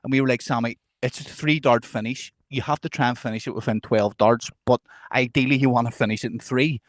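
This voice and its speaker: A man co-hosting a podcast, telling stories in a casual, animated way, often laughing and swearing. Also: medium pitch, brisk, no room sound, studio quality. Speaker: podcast co-host. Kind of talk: casual storytelling chat.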